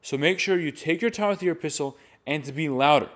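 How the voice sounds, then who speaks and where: Guy explaining how to chant the epistle, slightly high voice, plain and steady. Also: fairly quick. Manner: plain, explanatory, with sung demonstrations. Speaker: chant teacher. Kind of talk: instructional talk to camera.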